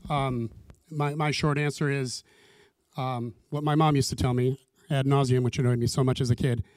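A man's voice: medium pitch, little pitch movement, moderate pace, a little mellow, no room sound. A man leading a small Bible study group, talking casually and earnestly and acting out his own prayers as he teaches.

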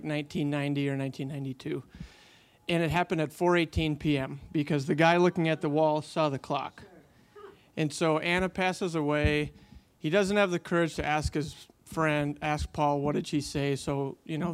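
A man's voice: a little high, clear, resonant tone. A man telling a long faith story in casual conversation, animating the quotes he tells, with many fillers.

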